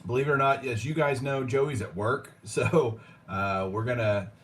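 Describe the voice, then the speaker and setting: A man hosting a collecting show, relaxed and jokey, poking fun at himself. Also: medium pitch, moderate pace, slight background noise. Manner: relaxed, jokey, self-deprecating. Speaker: host. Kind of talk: casual chat.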